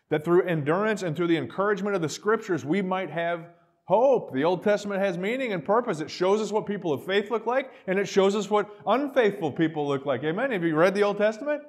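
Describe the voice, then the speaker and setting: Male pastor, middle-aged, high tenor, lively sermon delivery with acted-out dialogue. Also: fairly quick. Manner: animated preaching, acting out quoted voices, dropping to quiet asides.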